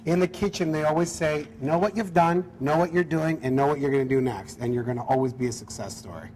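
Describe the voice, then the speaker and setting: A man's voice: a little high, fast talker, a little mellow, slight background noise. A man who is a chef, talking through a cooking demonstration in an upbeat, easygoing way. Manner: upbeat, easygoing, apologetic when teased. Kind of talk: cooking demo chat.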